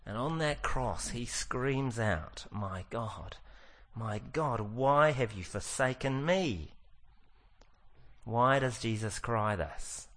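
A man preaching a sermon, earnest and slowing right down on the lines he wants to stress. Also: mid-range voice, animated, a bit bright. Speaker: pastor.

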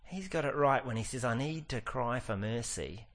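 A man preaching a sermon, earnest and slowing right down on the lines he wants to stress. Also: mid-range voice, animated. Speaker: pastor.

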